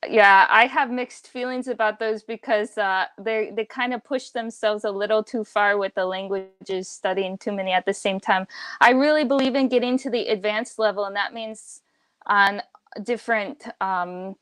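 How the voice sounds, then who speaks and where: A woman's voice: mid-range voice, moderate pace, smooth, no room sound. A woman talking as a guest on a casual livestream, a language teacher speaking emphatically and opinionatedly. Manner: emphatic, opinionated, animated impressions.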